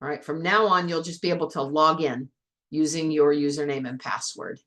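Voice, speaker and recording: A woman's voice: deep voice, steady tone, normal speed, a bit bright. A woman teacher walking a class through an online biology lab step by step, in a chatty, patient way.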